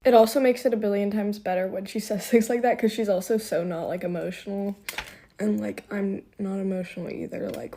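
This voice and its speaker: A woman's voice: mid-range voice, mellow, a little hiss or hum. Young woman, beauty vlogger, casual get-ready-with-me chat, bubbly and filler-heavy, close phone mic. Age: young adult.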